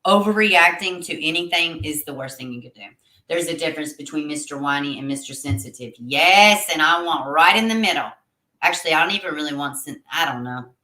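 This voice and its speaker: A woman hosts a casual livestream, chatting and laughing with her viewers. Her voice sits low but sounds bright and animated. The room around her is echoey. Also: fairly quick. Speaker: livestream host reading chat.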